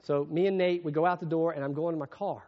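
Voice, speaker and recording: A man preaching a sermon as pastor, moving between hushed, reflective passages and raised, emphatic preaching. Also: a little high, fairly even intonation, quick pace. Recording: muffled long-reverb hall sound.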